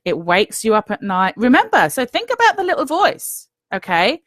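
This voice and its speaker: A woman's voice: a little high, wildly swooping pitch, normal speed, no room sound. A woman, giving an earnest, encouraging motivational talk to viewers and often checking in with "okay?". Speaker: business coach.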